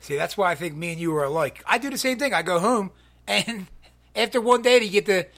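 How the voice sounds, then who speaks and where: A man's voice: high voice, lively intonation, a little fast, fairly bright tone. A man hosting a podcast in casual chat, crude and joking, a little tipsy and laughing often. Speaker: podcast host.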